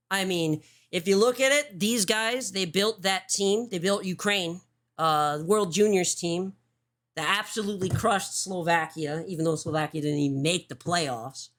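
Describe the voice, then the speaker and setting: A woman's voice: fairly low pitch, measured pace, a bit bright. A woman hosting a livestream show, giving casual commentary, swearing often and restarting her sentences.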